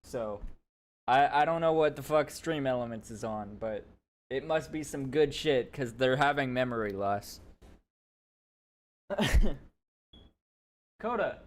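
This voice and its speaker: A man's voice: mid-range voice, a little slow, long pauses. A man streaming reactions to videos, commenting bluntly and jokingly and swearing freely.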